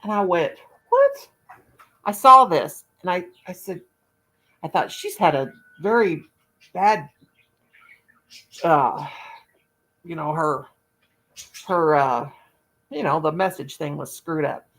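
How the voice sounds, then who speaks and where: A woman with a lowish voice and a gravelly, creaky edge talks through a long personal anecdote. She rambles in a folksy, chatty way and keeps circling back to her point. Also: slow pace, pauses often, fairly bright tone, poor audio. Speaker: crochet channel host. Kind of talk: casual storytelling chat.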